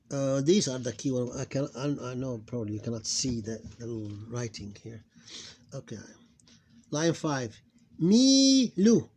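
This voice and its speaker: A man teaching a phonics lesson, slowly repeating each syllable and stressing it loudly. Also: medium pitch, breathy edge. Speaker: Arabic teacher.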